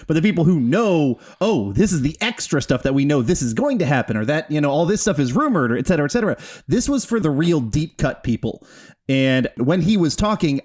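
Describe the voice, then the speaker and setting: A man co-hosting a podcast, chatting in an animated, laughing and profane way. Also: mid-range voice. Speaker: podcast co-host. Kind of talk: casual chat.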